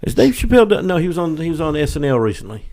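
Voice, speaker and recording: A man's voice: fairly high pitch, sing-song, racing, a little mellow. A man co-hosting a podcast in casual chat, laid-back and trailing off mid-thought. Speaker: podcast co-host.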